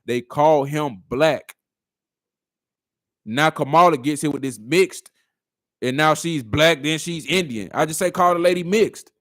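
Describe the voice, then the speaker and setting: A man's voice: on the high side, a little slow, long pauses, fairly bright tone, no room sound, clean studio sound. Argumentative man reacting to a clip. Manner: argumentative, rhetorical questions. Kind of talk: reaction commentary.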